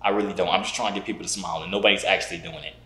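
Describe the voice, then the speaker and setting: A man's voice: sits low, fairly even intonation, very fast, pushed and bright, reverberant. A young man vlogging, teasing strangers on a video call with a playful, mock-serious manner. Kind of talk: prank video-call chat.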